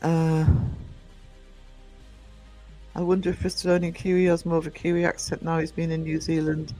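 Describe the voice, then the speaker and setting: A middle-aged man with a soft Northumbrian accent, chatting casually with live viewers, greeting them by name and rambling with many fillers and restarts. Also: fairly high pitch, monotone, fast, soft background music. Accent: Northumbrian English. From North East England. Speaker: livestream host.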